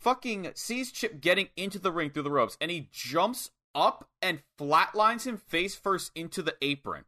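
A man's voice: sits high, lively intonation, normal speed, few pauses, sharp tone. A young man co-hosting a podcast, recapping a wrestling match play by play in casual chat and swearing freely. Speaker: podcast co-host.

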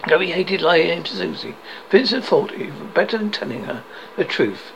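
A man's voice: fairly high pitch, expressive, moderate pace, creaky, noisy background. A man reading an extract from his own book aloud, telling the story steadily with occasional slips. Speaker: author and narrator.

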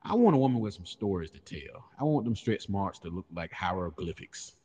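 Guy cracking jokes on a podcast, low voice that jumps around a lot, long reverb on it. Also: a little fast, slightly rough, dull audio. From Southern US. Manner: joking, animated storytelling. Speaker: podcast co-host. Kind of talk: casual chat.

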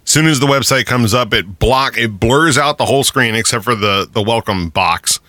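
A man hosts a loose podcast chat with a bright, forward voice, cursing freely and laughing through his rants. The sound is close and dry, with no room around it. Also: mid-range voice, normal speed, no echo. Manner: profane, ranting, laughs often. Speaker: podcast host.

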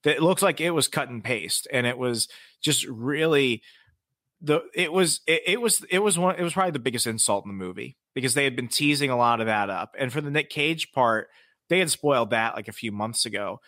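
A man's voice: medium pitch, expressive, fairly quick, bright, forceful tone, no room sound, studio quality. A man co-hosting a podcast, making critical points in casual chat and repeating words as he goes. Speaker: podcast co-host.

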